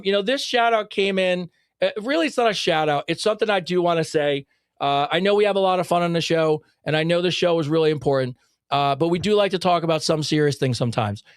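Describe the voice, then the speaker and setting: A man with a notably high voice hosts a casual podcast, rambling excitedly and swearing freely. He often breaks into laughter between thoughts. The recording is dry and close, with no room sound. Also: no room sound. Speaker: podcast co-host.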